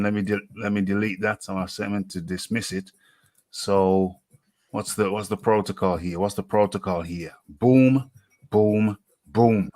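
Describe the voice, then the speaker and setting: A man's voice: fairly low pitch, a bit bright. A British man hosting a live boxing talk stream, rambling and repeating his phrases with plenty of fillers. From United Kingdom. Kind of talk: casual live-stream chat.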